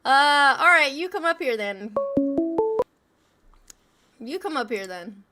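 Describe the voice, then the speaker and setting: High-voiced blunt woman hosting calls. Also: animated, slow pace, loud music behind the voice. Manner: blunt, mocking, swears freely. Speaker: livestream host taking calls. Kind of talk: casual call-in livestream chat.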